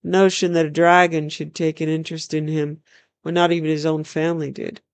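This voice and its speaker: Dry, measured storybook reader. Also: mid-range voice, little pitch movement, smooth, no room sound. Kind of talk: reading a fantasy novel aloud.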